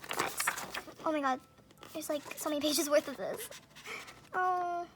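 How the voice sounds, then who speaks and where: A woman's voice: high-pitched, a little slow, background noise. A woman chatting casually through an unboxing, gushing with frequent gasps and squeals. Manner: gushing, gasping and squealing often. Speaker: unboxing vlogger. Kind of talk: excited casual unboxing chat.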